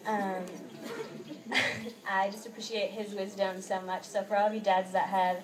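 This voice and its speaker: A woman's voice: mid-range voice, level tone, normal speed. A young American woman, an exchange student, giving a heartfelt thank-you speech to her host family and laughing often as she tells stories. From United States. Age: young adult. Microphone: microphone held at a distance. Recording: distant mic, noisy outdoor ambience.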